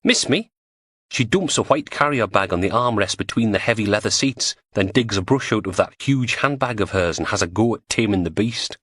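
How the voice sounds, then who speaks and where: A man's voice: lowish voice, fairly quick, few pauses, a bit bright, no echo. A man narrating an audiobook crime thriller in a dry, wry storytelling manner on a close studio mic.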